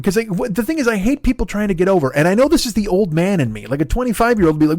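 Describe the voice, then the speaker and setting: A man's voice: sits high, rapid-fire, hardly any pauses, dry recording, studio quality. A man in his forties, a comedian and podcast host, telling stories in a profane, ranting casual monologue. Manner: profane, ranting, animated storytelling.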